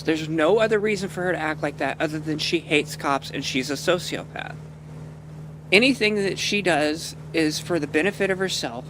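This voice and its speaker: A man's voice: on the high side, background noise. A man streaming a role-play game, rambling out of character in casual, profane chat and laughing often. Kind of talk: out-of-character gameplay commentary.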